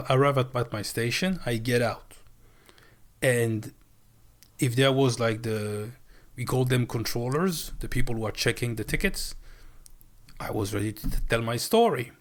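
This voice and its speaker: Male streamer, middle pitch, animated and profane storyteller. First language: French. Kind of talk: casual storytelling. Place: live stream.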